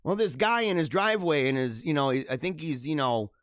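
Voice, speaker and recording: Guy on a livestream reading comments, talks a lot, says dude and man, fairly high voice, dry sound. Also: brisk, dry recording. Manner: animated, chatty, lots of "man" and "dude". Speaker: livestream host.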